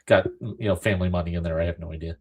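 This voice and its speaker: A man's voice: low voice, steady tone, racing, darkish tone, dull audio, slight background noise. A man co-hosting a casual podcast chat, laid-back, tossing in dry, wry remarks. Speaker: podcast co-host.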